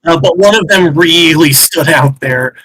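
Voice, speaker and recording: A man's voice: a little high, unhurried, pushed and bright, husky, dry recording, low-quality recording. A man playing in a tabletop game, chatting casually in a rambling way full of fillers. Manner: rambling, many fillers like "like" and "sort of". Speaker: player. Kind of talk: casual chat.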